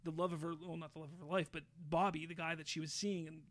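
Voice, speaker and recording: A man hosting a podcast, casually retelling a show's plot with lively, swear-laden storytelling. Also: on the high side, fast. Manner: animated storyteller, swears freely, acts out quotes. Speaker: podcast host.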